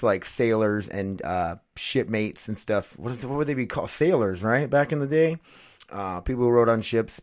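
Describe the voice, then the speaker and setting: A man hosting his own podcast, rambling and swearing casually into a condenser studio mic. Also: mid-range voice. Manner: rambling, profane, self-mocking. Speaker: podcast host.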